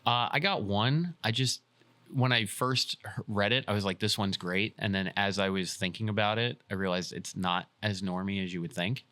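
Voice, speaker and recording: A man with a low voice talks through plans on a casual podcast. He is blunt, swears freely and thinks out loud. The sound is dry and close. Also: moderate pace, no room sound. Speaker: podcast co-host.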